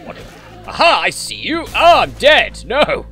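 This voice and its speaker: A high, shrieking dungeon monster, put on by a man cries out in overblown despair. He swoops up into sharp, loud squeals with a bright, piercing edge. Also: wildly swooping pitch, measured pace, slightly rough, soft background music, exaggerated voice. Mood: wailing dismay. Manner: shrill, overwrought, loud outbursts. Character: melodramatic monster enemy wailing over his fallen ally.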